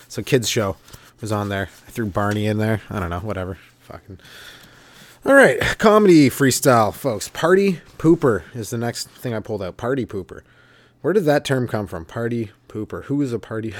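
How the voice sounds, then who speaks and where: A medium-pitched man, recorded without echo, riffs loosely as a comedy podcast host. His improvised stand-up rambles, swears freely and keeps breaking into chuckles.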